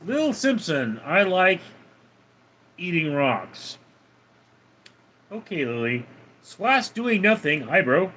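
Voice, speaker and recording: A man's voice: high-pitched, sing-song, takes it slowly, long pauses, bright, forceful tone. A man casually chatting on a live stream, reading out viewer names and comments in a laid-back, chuckling way. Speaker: livestreamer reading chat.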